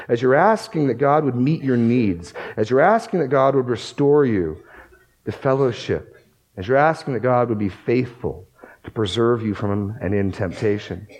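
On a poor-quality recording, a man's mid-range voice, a bit mellow and slightly rough, delivers a sermon. This pastor moves through passages of scripture, reading verses aloud with stress and rising to emphatic bursts on important words.

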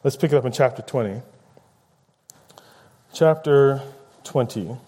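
A man's voice: medium pitch, unhurried, dark tone. A man preaching a conversational sermon, paraphrasing scripture and acting out quoted lines with rising emphasis.

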